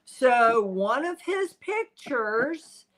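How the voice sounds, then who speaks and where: Older woman, slow unhurried pace, animated storytelling, casual livestream host. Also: a little high, low-quality recording. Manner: animated storytelling, quotes spirits in voices. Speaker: psychic medium, show host.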